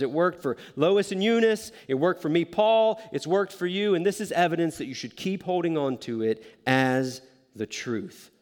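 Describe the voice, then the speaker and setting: Male pastor, slightly high voice, conversational sermon with self-deprecating jokes, hall reverb. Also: expressive, moderate pace, a little mellow.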